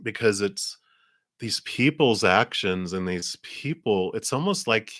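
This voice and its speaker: A tarot reader with a very deep voice does a live reading, sounding bright, forceful, and expressive at an unhurried pace. He rambles through long, winding explanations full of fillers. The recording is close and dry, with no room sound.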